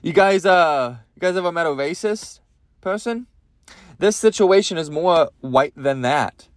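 A man's voice: fairly high pitch, expressive, measured pace, dry recording. A man hosting a comedy podcast, ranting crudely in a rambling monologue with lots of swearing. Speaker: podcast host.

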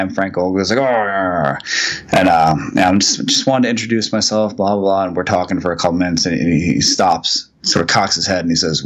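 A man, a comics writer, telling a long anecdote as a podcast guest, rambling with frequent ums and restarts. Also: low voice. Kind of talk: casual storytelling in a podcast interview.

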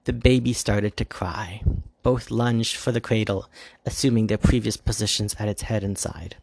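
A man reads a fairy tale aloud with a low, gravelly voice and a husky edge. The sound is dry and close, and he reads casually, adding his own asides. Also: steady tone, moderate pace, a little mellow, no room sound. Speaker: reader. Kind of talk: storybook reading.

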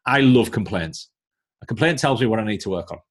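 Speaking a little fast in a lowish, animated voice, a Northern English man guests on a casual podcast as a coaching business mentor. His manner is blunt, and he lectures using examples to make his points.

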